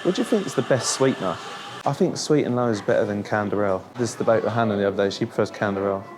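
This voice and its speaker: A man's voice: fairly low pitch, fast, over music. A young British man vlogging casually, blunt and swearing freely, in some stomach pain. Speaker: bodybuilder vlogger. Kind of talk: casual vlog chat.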